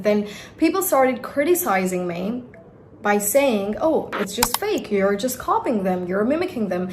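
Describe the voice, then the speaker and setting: A woman's voice: a little high, slight background noise. A young woman from India telling a personal story in a vlog as an accent coach, emphatic and giving direct advice to viewers.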